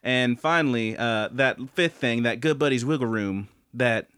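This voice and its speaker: A man's voice: medium pitch, moderate pace, fairly bright tone, smooth, no echo, studio quality. A man hosting a casual podcast from a home setup, joking and rambling with plenty of filler words. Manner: jokey, rambling with many fillers. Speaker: podcast host. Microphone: podcast mic.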